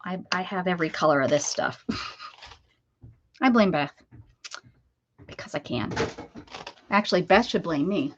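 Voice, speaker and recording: A woman's voice: lowish voice, animated, measured pace, pauses often, muffled recording, noisy background. A woman from the Pittsburgh area hosting a crafting live stream, chatting casually and greeting viewers by name as she works.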